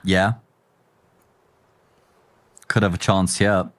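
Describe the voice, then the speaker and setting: A man with a South African accent giving live play-by-play commentary on an esports match, animated and jumping up in pitch when excited. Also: drawn-out words, noisy background. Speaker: esports caster.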